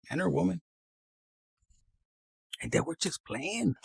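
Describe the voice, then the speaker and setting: Man, casual tarot reading, animated and slangy, husky, dry close sound. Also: mid-range voice, normal speed, pauses often, dry recording, rough recording. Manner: animated, slangy, mixes in Spanish phrases. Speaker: tarot reader.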